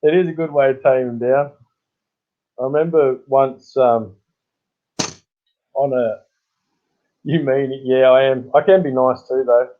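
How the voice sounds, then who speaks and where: An Australian man chats casually on a livestream, rambling through old stories and chuckling as he goes. His voice sits at an ordinary middle pitch. The sound is thin and tinny, like a phone line. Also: steady tone, measured pace, pauses often. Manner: rambling storyteller who chuckles often. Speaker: livestream host. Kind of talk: casual live-stream chat.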